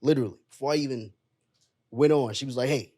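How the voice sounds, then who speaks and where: A man's voice: mid-range voice, fast talker, mellow. Earnest young man telling a heartfelt story. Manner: emotional and earnest, calls the listener bro often. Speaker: podcast guest.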